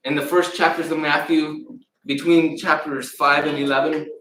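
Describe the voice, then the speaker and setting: A man preaching a sermon in a church, retelling a story with lively acted-out voices. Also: fairly high pitch, normal speed, a little hiss or hum. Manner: animated storyteller acting out voices. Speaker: pastor. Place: church sanctuary. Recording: echoey room, mic at a distance.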